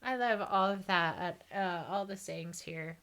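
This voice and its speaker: A woman's voice: lowish voice, a little slow, a bit bright. A woman in her thirties from Texas with a light Texan American accent, chatting and giggling her way through a rambling stream sign-off. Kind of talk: casual stream chat.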